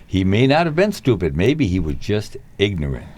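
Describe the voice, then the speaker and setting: A man's voice: fairly low pitch, very animated, normal speed, darkish tone, husky. Reflective laughing talk-show man. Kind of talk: casual comedic chat.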